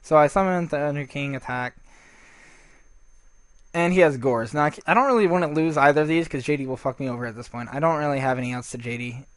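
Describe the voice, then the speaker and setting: A man's voice: fairly high pitch, quick pace, no echo. A man giving casual, rambling gameplay commentary, swearing freely and restarting his sentences often.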